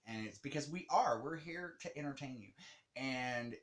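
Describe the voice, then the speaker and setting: A man co-hosting a casual movie chat, theatrical and animated as he tells stories. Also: medium pitch, moderate pace. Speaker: co-host. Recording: echoey room.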